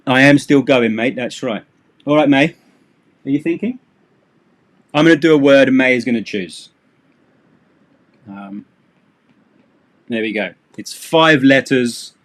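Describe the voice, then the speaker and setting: A man's voice: medium pitch, measured pace, pauses often. A middle-aged man leads a live English class. He explains phrasal verbs and idioms in a loose, joking way. He keeps slipping in sarcastic asides. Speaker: English teacher. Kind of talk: live-streamed English lesson.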